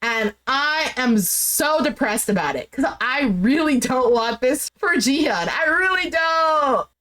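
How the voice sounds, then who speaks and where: A woman's voice: on the high side, expressive, measured pace, a bit bright. A woman casually recapping a reality show, chatty and slangy, exasperated and emphatic as she talks. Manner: chatty and slangy, says "bro" and "like" a lot. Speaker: recap vlogger.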